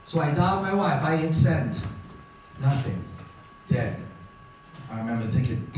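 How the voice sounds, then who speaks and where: High-voiced man telling a story in an echoey hall. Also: a little slow, a little hiss or hum. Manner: animated, acts out dialogue in voices. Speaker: guest speaker. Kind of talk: live storytelling talk. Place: large synagogue hall. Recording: echoey hall, mic from far.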